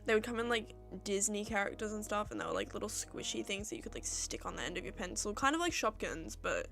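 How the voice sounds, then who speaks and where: Young Australian woman, chatty streamer answering viewer questions, mid-range voice, soft music under her. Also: mid-range voice, animated, fast. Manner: chatty and rambling, acts out her own remarks in little quoted exchanges. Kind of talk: casual livestream chat.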